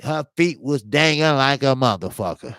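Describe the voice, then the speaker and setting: In emphatic, scolding rants, this boxing talk-show host rambles through stories full of profanity, berating fighters in a casual commentary monologue. He has a medium pitch with lively intonation and a fairly bright, clear, resonant tone, speaking at normal speed with no room sound.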